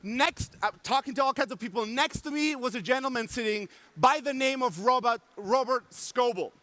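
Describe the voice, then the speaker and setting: A man with a German accent giving an energetic conference talk, acting out quotes and swearing for emphasis. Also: very high voice, normal speed, no echo. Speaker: conference speaker. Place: conference stage before an audience.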